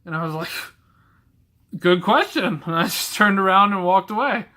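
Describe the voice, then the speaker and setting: A man's voice: high voice, fast, bright, forceful tone. A young man in his twenties telling blunt, rambling stories to camera about a past job. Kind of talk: casual storytelling to camera.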